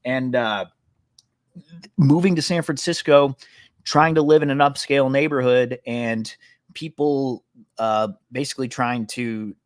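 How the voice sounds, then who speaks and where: A man's voice: medium pitch, unhurried, dry recording, clean studio sound. A man co-hosting a sports podcast, talking casually with many fillers and restarts. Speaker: podcast co-host.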